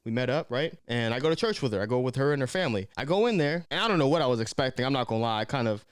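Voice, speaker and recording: A man's voice: medium pitch, rapid-fire, smooth, dry recording, studio quality. A young man in casual, slangy storytelling as a vlogger, talking to camera. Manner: slangy, animated, conversational.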